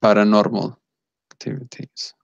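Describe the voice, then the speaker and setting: A man playing a cold, clinical male agent who speaks with eerie calm and no feeling, like a robot, in a tabletop game. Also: on the low side, normal speed, gravelly, no echo, dull audio. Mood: cold menace. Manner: eerily calm, flat, robotic delivery.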